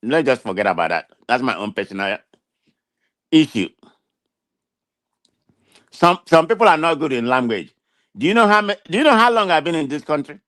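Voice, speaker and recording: A man's voice: fairly high pitch, big pitch swings, moderate pace, pauses often, a bit bright, no room sound, studio quality. A man with a thick Nigerian accent, defending himself emphatically in a casual talk show chat, often restarting his sentences. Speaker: guest.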